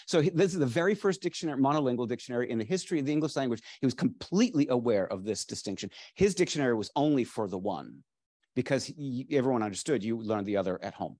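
A middle-aged dictionary editor lectures a live audience in a library space, talking fast with eager, digressive energy and frequently restarting sentences amid fillers. His mellow, expressive voice sits in an ordinary middle register. The sound is close and dry with little room echo.

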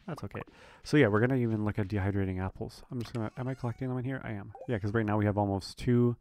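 Chatty, low-voiced let's play guy. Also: rapid-fire, darkish tone, slight background noise. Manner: chatty, rambling with many fillers. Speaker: gaming video creator. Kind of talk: relaxed let's play commentary.

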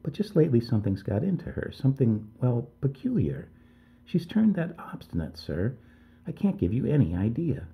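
In a mid-range voice raised above his own, with a sing-song lilt and moderate pace, a man portrays a tearful village mother of middle age. She anxiously and humbly pleads, calling him sir over and over, on tinny phone-like audio.

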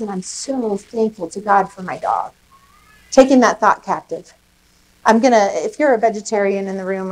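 A woman pastor preaching a sermon, lively and emphatic, putting questions to the congregation. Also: mid-range voice, poor audio. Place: church service in a rec center.

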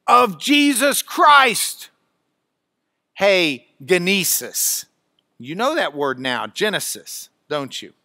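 A man teaching a classroom Bible lesson, bursting into loud dramatic emphasis as he reads and dropping to quiet asides between. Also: high voice, no echo, studio quality. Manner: drops to quiet asides when searching notes. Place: classroom, recorded for radio.

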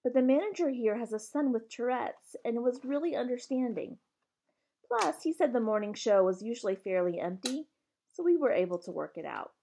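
A breezy, gentle mom, as a woman reading a storybook puts her on, speaking casually and a little brighter than the narration. The voice has a gravelly texture. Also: on the high side, lively intonation, normal speed, a little hiss or hum, pitched above the performer's own voice. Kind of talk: reading a novel aloud.

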